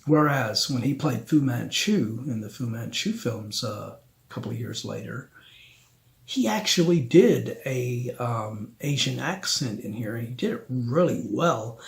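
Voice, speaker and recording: Slow, gravelly man reviewing films. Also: medium pitch, expressive. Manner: slow, rambling, with many ums. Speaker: film review host. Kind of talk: casual film review.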